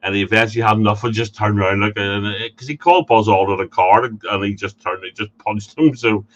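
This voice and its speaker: A man's voice: lowish voice, fast, highs cut off. A man from the United Kingdom hosting a casual interview, stammering and repeating words as he tells stories. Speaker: podcast host.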